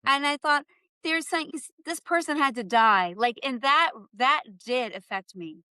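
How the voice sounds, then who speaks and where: A woman's voice: sits high, lively intonation, unhurried, bright, forceful tone, dry recording. A woman author, a guest on a political panel, sharing earnest opinions and thinking aloud. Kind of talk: casual political discussion.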